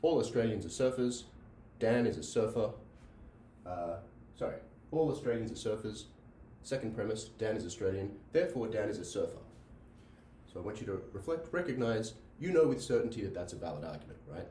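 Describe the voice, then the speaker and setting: A male lecturer explains logic to a class, circling back and asking "right?" as he goes. His voice sits a little low and mellow. It is picked up from some distance in an echoey room with a faint hum of ambience. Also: animated, brisk. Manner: repeats himself, checks in with "right?". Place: classroom with a board.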